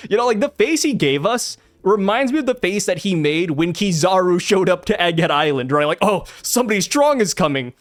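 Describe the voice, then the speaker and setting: Excitable high-voiced young male commentator. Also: moderate pace, no echo. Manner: excitable, chatty, asks viewers questions. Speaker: anime and manga commentator. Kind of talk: casual chapter breakdown.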